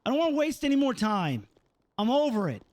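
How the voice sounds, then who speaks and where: A man's voice: very high-pitched, sing-song, brisk, no echo. A young man streaming a roleplay game, venting out of character with heavy swearing, ending lines with "bro" and "dude".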